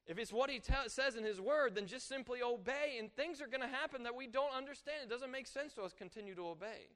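A man preaching a sermon, animated, rising and falling for emphasis and acting out quoted voices. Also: very high voice, a little fast, few pauses.

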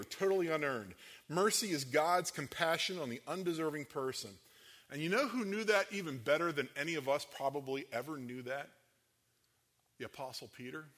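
Guy giving a sermon, kinda high bright voice, lots of "you know" and restarts, gets loud acting out quotes. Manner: conversational preaching with frequent fillers and repeated restarts; rises in pitch and volume when acting out quoted speech. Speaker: pastor.

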